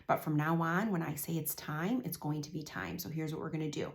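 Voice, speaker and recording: A woman in her forties speaks as a parenting coach with a fairly low voice. She explains things calmly and now and then acts out little exchanges between parent and child. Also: fairly quick, gravelly. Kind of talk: direct-to-camera parenting advice.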